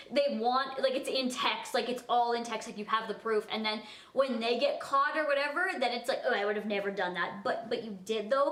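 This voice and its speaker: Young woman vlogger, fairly high voice, chatty storytime delivery, roomy echo. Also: fairly bright tone. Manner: chatty, heavy use of "like", acts out dialogue. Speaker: vlogger telling a personal story. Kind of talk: casual storytime chat. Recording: echoey room.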